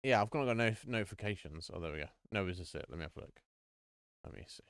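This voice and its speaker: A man's voice: deep voice, expressive, quick pace, creaky, fairly bright tone, dry recording. Chatty man streaming a game. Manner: chatty, swears, laughs at the game. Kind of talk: live gaming commentary.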